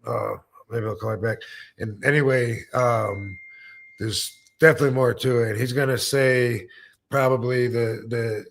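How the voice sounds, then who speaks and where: A man's voice: medium pitch, fairly even intonation, measured pace, gravelly, fairly bright tone. A man hosting a podcast in casual chat over a video call, talking loosely with lots of fillers. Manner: loose and rambling, many fillers. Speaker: podcast host.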